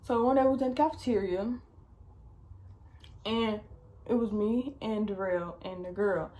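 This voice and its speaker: A woman's voice: mid-range voice, measured pace, dark tone. A young woman vlogger telling a storytime, chatty and slangy, swearing often. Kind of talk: casual storytime.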